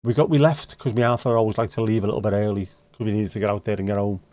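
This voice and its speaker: A man's voice: on the low side, fairly even intonation, rapid-fire, warm tone, no room sound. Sweary Scouse man on a livestream. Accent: Liverpool (Scouse). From Liverpool, England. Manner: blunt, sweary banter with dry jokes. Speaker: livestream host. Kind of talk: casual chat answering viewer comments. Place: home livestream setup.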